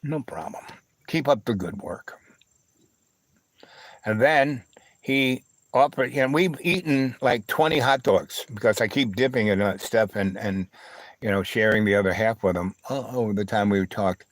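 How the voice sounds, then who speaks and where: On a rough, dry recording, a livestream host with a somewhat low male voice wanders through a lengthy story from his own life. His delivery stumbles with fillers and false starts, and he keeps tossing in little "you know, right?" asides to the audience.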